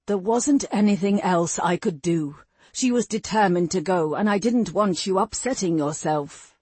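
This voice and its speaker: A woman reading the part of a weary, patient old male wizard who speaks slowly. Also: fairly low pitch, darkish tone, slightly rough, no echo. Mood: soothing. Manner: slow and tired.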